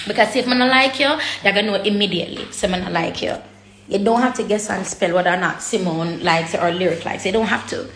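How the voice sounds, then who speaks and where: Woman vlogging straight to camera, blunt and raw, cusses a lot, medium pitch, roomy echo. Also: fast, fairly bright tone, a little hiss or hum. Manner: blunt and raw, swears freely, heavy with her words. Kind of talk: candid personal vlog talk.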